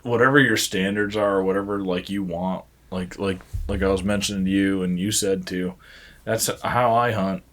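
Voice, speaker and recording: Deep, flat-voiced podcast host man. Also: moderate pace. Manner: easygoing, rambling, with many fillers. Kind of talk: casual chat.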